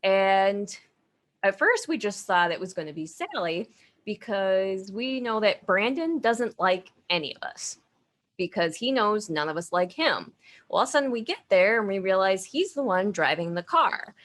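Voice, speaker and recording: Woman co-host, laid-back storyteller, expressive and swinging in pitch, quick to laugh, salty language. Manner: animated, laughing and swearing. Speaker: podcast co-host. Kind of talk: casual storytelling.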